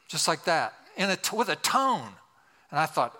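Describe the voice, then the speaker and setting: A man's voice: fairly high pitch, lively intonation, moderate pace, pushed and bright, long reverb tail. An older male pastor telling a story in a sermon, with humorous, self-deprecating asides.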